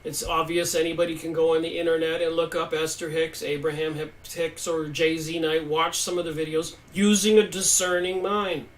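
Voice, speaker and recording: High-voiced man hosting a live stream. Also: flat delivery, moderate pace, hardly any pauses. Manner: emphatic, reads viewer comments aloud and answers them. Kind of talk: casual live stream commentary. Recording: voice distant from the mic.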